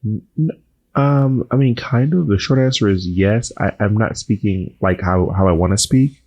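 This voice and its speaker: A man co-hosting a casual chat, speaking softly and holding back his voice after surgery, teasing and mock-indignant. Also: lowish voice, moderate pace, highs cut off. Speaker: podcast co-host.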